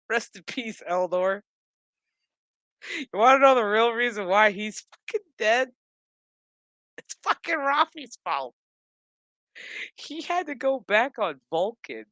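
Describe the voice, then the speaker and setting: Bright-voiced, foul-mouthed recap vlogger, dry close sound, sarcastic rambling delivery. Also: mid-range voice, clean tone, dry recording. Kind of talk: casual recap commentary.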